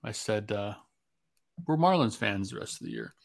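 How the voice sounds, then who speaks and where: A man's voice: fairly low pitch, animated, moderate pace, vocal fry. A man guesting on a casual sports podcast, laid-back and wisecracking.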